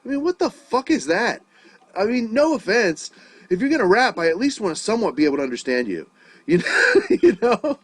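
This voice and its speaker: A man's voice: sits high, big pitch swings, fairly quick, fairly bright tone, rough recording. A man giving an online songwriting lesson over a video call, casual and profane, often checking that his student follows. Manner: casual, swears freely, checks understanding often. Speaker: music teacher.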